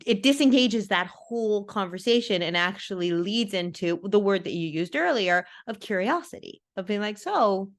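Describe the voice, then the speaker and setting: A woman's voice: mid-range voice, lively intonation, normal speed, few pauses. A woman hosting a podcast interview, asking rambling, self-correcting questions. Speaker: podcast host. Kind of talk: casual interview.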